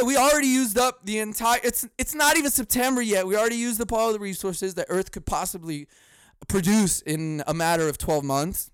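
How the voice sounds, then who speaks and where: Fast-swinging, profane podcast host man. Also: smooth, no echo. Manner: profane, animated, laughing, swinging between mock outrage and low muttering. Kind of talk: casual solo podcast rant.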